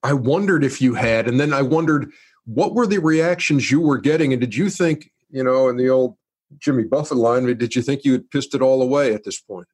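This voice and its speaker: A man's voice: medium pitch, a little fast, darkish tone. A man hosting and asking the guest questions in an encouraging, rambling way. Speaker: host. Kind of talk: interview questions.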